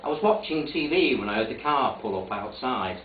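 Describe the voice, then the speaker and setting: A man's voice: mid-range voice, lively intonation, a little fast, slight background noise. A man performing a comic stage monologue, fretful and anxious, recorded from far off in an echoey theatre with a tinny sound. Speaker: actor in a one-man stage show.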